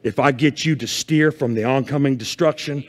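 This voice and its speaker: A man preaching a fervent sermon as pastor, swinging from hushed asides to loud calls. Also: medium pitch, normal speed, long reverb tail. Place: church sanctuary.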